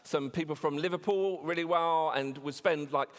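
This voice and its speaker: Male preacher, fairly high voice, chatty storytelling sermon, full of ums and restarts, long church reverb. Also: normal speed.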